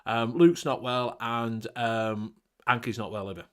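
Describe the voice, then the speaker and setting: A man's voice: mid-range voice, fairly even intonation, a little slow, a bit bright, smooth. A man with a Northern English accent hosting a casual live-stream chat, talking bluntly with some swearing and local slang. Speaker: host of a vaping live show.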